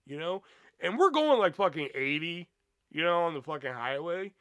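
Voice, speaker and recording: Animated, cursing young man telling stories. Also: fairly high pitch, moderate pace, no echo. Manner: profane, rambling, animated storytelling. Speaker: podcast host. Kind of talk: casual storytelling monologue.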